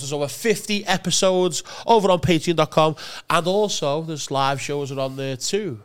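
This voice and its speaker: A man's voice: fairly high pitch, moderate pace, few pauses, smooth. A man hosting a comedy podcast, cheery and laddish, laughing as he introduces a guest. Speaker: podcast co-host. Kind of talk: casual podcast chat.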